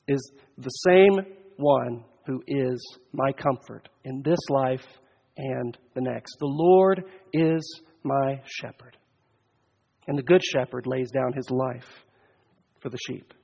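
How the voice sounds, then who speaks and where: A man, a pastor preaching a sermon, with earnest delivery that swells loud and then drops almost to a hush. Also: medium pitch, vocal fry, slightly rough. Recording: dull sound, long church reverb.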